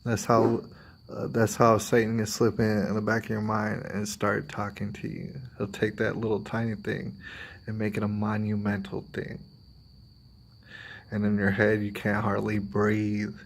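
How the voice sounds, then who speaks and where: Speaking low, slightly slowly, and in a monotone with vocal fry, a man vlogs about his own life. He's an adult with a daughter, and his rambling, confiding talk to camera includes impressions of what other people said.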